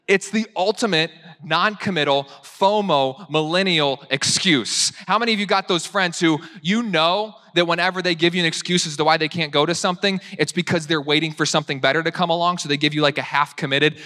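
A young adult man preaching a sermon, animated and acting out people's excuses in mock voices. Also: on the high side, fairly quick, clear, resonant tone. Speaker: pastor. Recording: long hall reverb.

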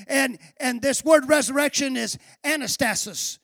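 A man preaching a sermon as pastor, telling a story and acting out its dialogue, then building to shouted emphasis. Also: extremely high pitch, moderate pace, gravelly, few pauses, no room sound, studio quality.

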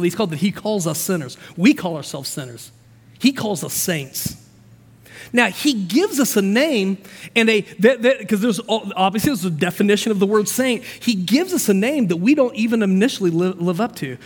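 A man preaching a sermon as pastor, energetic and conversational, with asides and frequent restarts. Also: sits high, slightly rough. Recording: long hall reverb.

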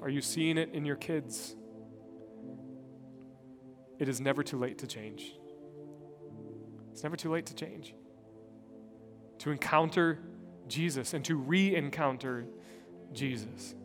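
A man in his thirties, a pastor preaching a sermon, telling a personal story in an earnest way and moving between soft and loud passages. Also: on the high side. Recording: long hall reverb.

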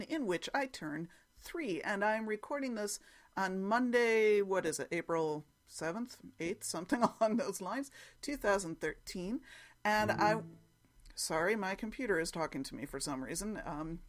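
A woman's voice: mid-range voice, expressive, moderate pace. A woman hosting her own hobby podcast in a chatty, rambling way, often correcting herself as she goes, recorded at home on a computer mic. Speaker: podcast host. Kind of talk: casual chat.

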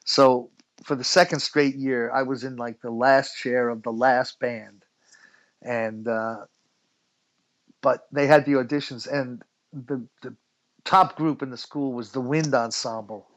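A man's voice: medium pitch, fairly even intonation, measured pace, lo-fi sound. A middle-aged man from the United States telling stories as an interview guest, chatty and laughing often. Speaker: guest musician. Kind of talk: relaxed storytelling interview.

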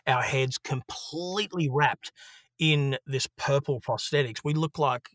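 Australian male actor, animated raconteur, bright tone, dry mic. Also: medium pitch, unhurried, no echo. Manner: animated storyteller, swears freely. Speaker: actor, guest. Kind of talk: casual interview anecdote.

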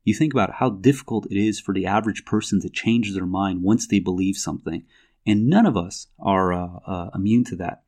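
A man with a slightly low voice talks through scripture in a measured, explanatory way. He reads verses aloud and often pauses on fillers as he works out his points. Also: darkish tone. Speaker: religious commentator. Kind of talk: explanatory talk reading scripture.

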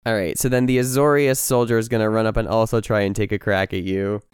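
A man's voice: lowish voice, little pitch movement, fast, clean tone, no room sound, studio quality. A man narrating a tabletop game as game master, playful, with laughing asides.

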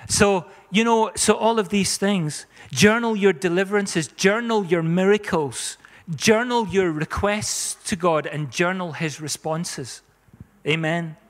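A man preaching a sermon as pastor, earnest and emphatic, often adding "amen". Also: on the high side. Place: church. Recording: reverberant church hall.

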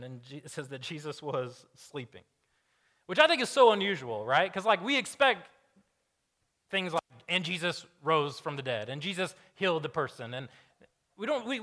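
A pastor with a high-sitting voice preaches a conversational sermon, casual and animated. He poses questions to the congregation and acts out the voices of those he quotes.

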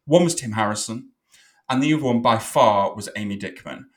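A man co-hosting a podcast in casual chat, self-mocking and animated. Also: lowish voice, a little fast. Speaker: podcast co-host.

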